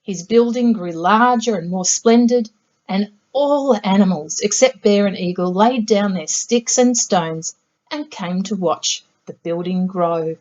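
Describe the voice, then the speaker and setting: Lady reading a kids book aloud, really slow and gentle, kinda dull lo-fi sound. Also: medium pitch. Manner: gentle, measured storytelling. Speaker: storybook reader. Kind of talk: children's picture book read-aloud.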